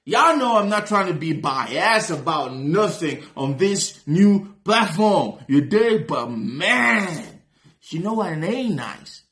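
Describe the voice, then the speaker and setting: A man hosting a reaction video, commenting casually on a rap track in a slangy, animated way, with bursts of excited shouting. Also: high-pitched, slow pace, reverberant.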